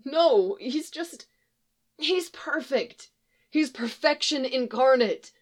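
A woman's voice: high voice, lively intonation, takes it slowly, pitched above the performer's own voice, heavily acted. A woman voicing a desperate young man. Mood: pleading. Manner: pleading, anxious. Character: frightened pleading young man from the future.

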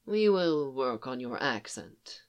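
A reader voicing a composed, formal male alien admiral who speaks in a measured, low and quiet way. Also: very animated, dull audio. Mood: calm, formal.

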